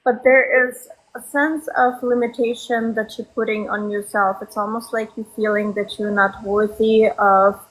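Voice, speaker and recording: A woman medium reading for a sitter in a live online session, her voice sitting at an ordinary middle pitch. She talks in a soft, reassuring way, pausing often on ums as she searches for words. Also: flat delivery, a little hiss or hum, poor audio. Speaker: psychic medium giving a reading.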